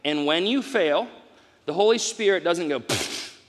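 Man, pastor, high voice, live sermon, loud-to-soft delivery, long church reverb. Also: expressive, moderate pace. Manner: preaching with swings from loud exclamations to soft asides. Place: large church hall.

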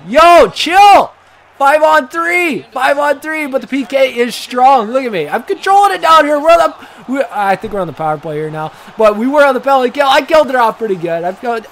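A young man giving rambling, joking commentary over his own hockey video game match, cursing and getting excited. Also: high-pitched. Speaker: gaming commentator. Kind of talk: casual gameplay commentary.

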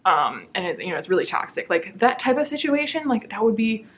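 A woman's voice: a little high, brisk, a little hiss or hum. Sarcastic young woman ranting about a book. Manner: sarcastic, animated, frequent laughs and mock voices. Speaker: book reviewer. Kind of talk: casual vlog review rant.

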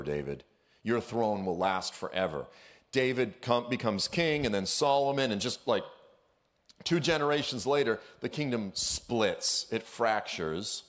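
A man giving an energetic, conversational sermon as a guest speaker in a church, with casual slang and frequent asides. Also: fairly low pitch.

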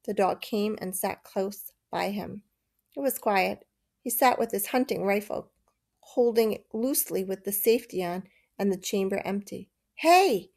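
A woman reading a children's novel aloud, steady and measured. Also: medium pitch, vocal fry. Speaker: narrator. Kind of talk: storybook reading.

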